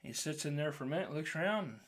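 A man's voice: on the high side, lively intonation, fast, fairly bright tone. A man, a pastor co-hosting a podcast, telling a long joke in a folksy, drawling storyteller way and then signing off. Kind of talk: casual joke telling and sign-off.

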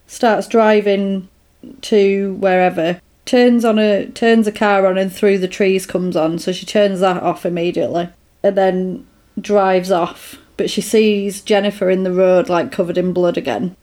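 A woman's voice: medium pitch, steady tone, unhurried, warm tone. A woman casually retelling a film plot in a chatty podcast, with lots of fillers.

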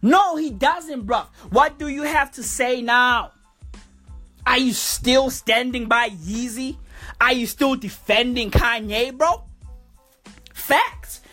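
A woman doing a comic rant, animated and profane, full of slang. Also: fairly high pitch, takes it slowly, soft background music. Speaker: comedy vlogger.

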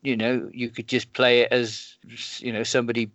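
A man's voice: medium pitch, level tone, normal speed, a bit bright. A man co-hosting a casual chat, rambling through explanations with many restarts. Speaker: podcast co-host. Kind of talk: casual chat planning a role-play. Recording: dull lo-fi sound.

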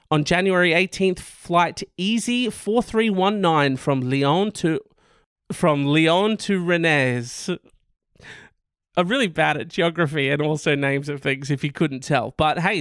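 A man hosting a podcast, reading odd news stories in a casual, joking way, with ranting asides, a little hoarse and coughing. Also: sits high, fairly bright tone, no echo, clean studio sound. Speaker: podcast host.

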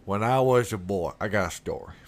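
A man's voice: fairly low pitch, fairly quick. A man co-hosting an improvised comedy bit, easygoing and playful. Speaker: comedy co-host.

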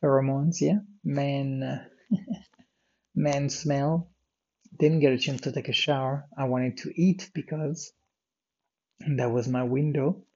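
A man's voice: mid-range voice, fairly even intonation, unhurried, darkish tone, lo-fi sound. A tired, yawning man talking through his day in a rambling diary style, full of fillers and restarts. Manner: meandering, many fillers and restarts, drifts off topic. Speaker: vlogger recording a daily audio diary. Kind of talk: rambling personal diary talk.

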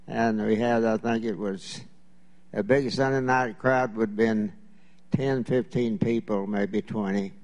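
Older male pastor with a slow, halting delivery and brief remarks. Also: on the low side, steady tone, a little mellow, highs cut off. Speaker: founding pastor.

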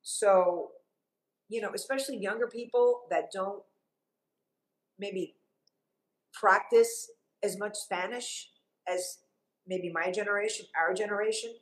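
A woman's voice: mid-range voice, a little slow, pauses often, low-quality recording. A middle-aged woman from Cuba, a TV journalist, talking emphatically as a guest in an interview. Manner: animated, emphatic storyteller. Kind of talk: interview conversation.

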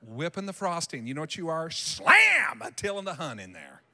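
A male pastor preaching a sermon in a church sanctuary, animated and emphatic, acting out what people say. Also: fairly high pitch, quick pace, in a large hall.

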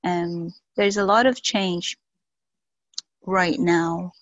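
Slow, hesitant woman on a video call. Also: on the low side, muffled recording. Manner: slow, hesitant, many fillers and pauses. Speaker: workshop participant sharing. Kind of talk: reflective sharing on a video call.

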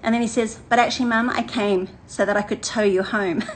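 A woman's voice: on the high side, a little fast, few pauses, rough recording. Chatty older woman pastor. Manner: chatty, animated, laughs often, repeats phrases. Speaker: women's ministry leader. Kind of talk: casual livestream chat to a women's group.

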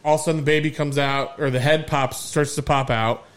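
Podcast host guy, animated storyteller, swears a lot, casual chat. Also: on the high side, brisk, clear, resonant tone.

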